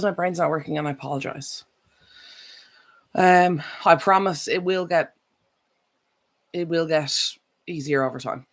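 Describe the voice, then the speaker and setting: Chatty woman on a live stream. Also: deep voice. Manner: rambling, self-correcting, chatty. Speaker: vlogger. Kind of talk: casual live-stream chat.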